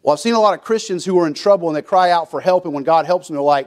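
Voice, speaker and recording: Folksy preacher man, fairly high voice. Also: very fast, darkish tone. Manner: folksy preaching, acts out quotes with repeats and restarts. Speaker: pastor. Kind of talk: sermon.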